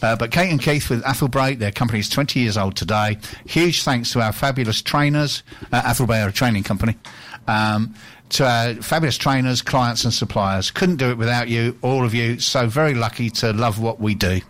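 A man hosts a radio show from the studio, chatting loosely and reading out shout-outs. He trips over his words now and then and laughs easily at himself, speaking into a studio microphone. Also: mid-range voice, fairly quick. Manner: chatty, self-mocking, stumbles and laughs easily.

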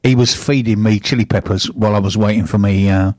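A man's voice: lowish voice, steady tone, quick pace, a little mellow, dry recording. A man, co-hosting a radio show in the studio and telling anecdotes in casual chat. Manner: chatty storyteller, acts out quotes. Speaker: radio co-host.

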